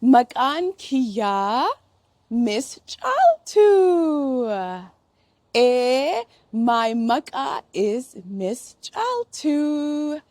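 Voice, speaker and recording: Slow, lively woman teaching toddlers. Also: high voice, dry recording, clean studio sound. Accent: Oromo. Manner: slow, exaggerated, playful with birdcall imitations. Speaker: children's language teacher. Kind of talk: sing-song lesson for toddlers.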